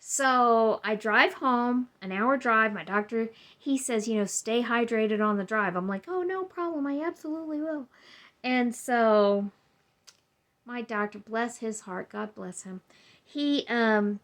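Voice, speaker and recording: A woman's voice: a little high, steady tone, slow, a bit bright. A woman vlogger casually telling a personal story to her camera at home, rambling and acting out what other people said. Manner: chatty, rambling, acts out quoted people.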